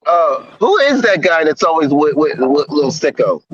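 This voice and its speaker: A man being interviewed, answering slowly and thoughtfully in a casual chat. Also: on the high side, sing-song, highs cut off, slight background noise. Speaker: interview guest, wrestler.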